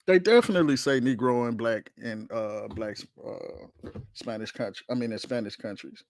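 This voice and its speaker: A man's voice: mid-range voice, moderate pace, no echo. Heated, profane man ranting. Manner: profane, argumentative, slangy. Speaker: streamer host reacting to chat. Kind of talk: heated casual livestream rant.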